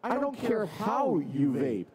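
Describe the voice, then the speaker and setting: A man's voice: sits high, sing-song, slow, distant mic, over a noisy crowd. An American man talking casually and earnestly to an audience as a conference panel speaker. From United States. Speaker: panel speaker, product reviewer. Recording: loud audience noise in a conference hall.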